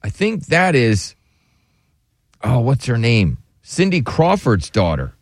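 Male host, lively intonation, jokey storyteller, dry close mic. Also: medium pitch, slow pace, no echo. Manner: joking, animated storytelling. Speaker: radio show host. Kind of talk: casual talk show banter.

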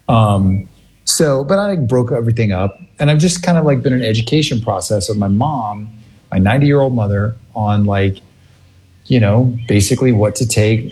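A man telling a funny family story in a casual, animated way, laughing often. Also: mid-range voice.

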